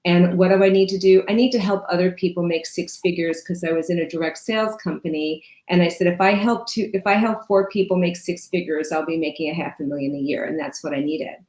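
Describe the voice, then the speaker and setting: Woman in her fifties, emphatic business coach, low voice, roomy echo. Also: steady tone, fairly quick, few pauses, a little mellow. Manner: emphatic, lists ideas in runs. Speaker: guest business strategist. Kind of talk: conversational coaching advice. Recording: echoey room.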